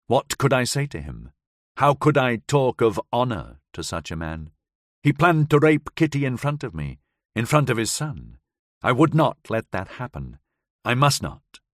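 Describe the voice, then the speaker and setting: A man reads a suspenseful audiobook in the first person, measured and dramatic, his pitch rising and falling expressively. He sits close to the mic in a dry, deadened booth. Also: dry recording. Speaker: audiobook narrator. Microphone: close studio mic.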